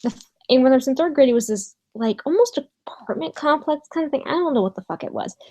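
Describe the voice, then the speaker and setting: A young woman telling a storytime vlog from her bedroom, hesitant with many pauses and fillers, swearing casually. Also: sits high, lively intonation, mellow, low-quality recording. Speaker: vlogger.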